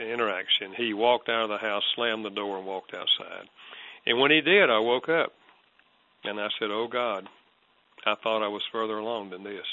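An older man, a guest counselor, answering an interview question with an earnest, reflective personal story. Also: lowish voice. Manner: earnest, reflective, soft-spoken. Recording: dull lo-fi audio.

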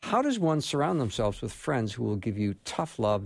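A man's voice: medium pitch, very animated, moderate pace, gravelly, dry recording. A man hosting a call-in radio show, chatty and joking as he reads out listener questions.

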